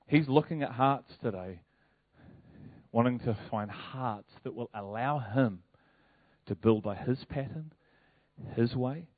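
A male pastor preaching a sermon in a lively, conversational way, full of rhetorical questions. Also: mid-range voice, slow, pauses often, no room sound. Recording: tinny phone-like, dry sound.

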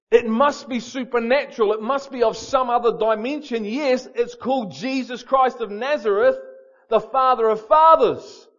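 A man preaching a sermon in an animated, storytelling way, repeating words for emphasis. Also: extremely high pitch, moderate pace, muffled recording.

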